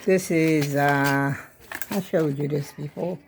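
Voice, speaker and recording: A woman's voice: sits low, steady tone, slow, a little hiss or hum. An older woman rambles through a casual home vlog, chatting straight to her viewers. She often trails off mid-sentence and keeps calling them y'all. She is recorded on a handheld phone indoors. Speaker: vlogger. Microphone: handheld phone camera.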